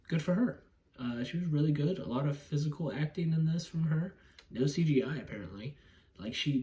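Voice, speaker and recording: A man's voice: medium pitch, darkish tone. Rambling, profane man reviewing movies. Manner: rambling, profane, laughs often, acts out scenes. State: yawning, drowsy. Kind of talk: casual movie review monologue.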